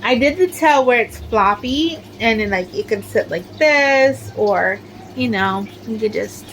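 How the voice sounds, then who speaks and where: A woman's voice: on the high side, lively intonation, a little slow, a bit bright, slight background noise, poor audio. A middle-aged woman chatting casually as she shows off her crochet work, rambling with lots of filler words. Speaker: crochet crafter showing her amigurumi. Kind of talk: casual show-and-tell chat.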